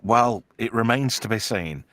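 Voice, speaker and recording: A man's voice: medium pitch, unhurried, no room sound, studio quality. A man co-hosting a late-night live stream, reading the chat and trading jokes with a lot of swearing. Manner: swearing, joking, lively impressions.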